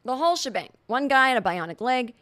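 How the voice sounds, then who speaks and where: A woman's voice: high voice, sing-song, fast, a bit bright. A middle-aged woman hosting a podcast, telling a funny story in a casual monologue and acting out the quoted reactions. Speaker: podcast host.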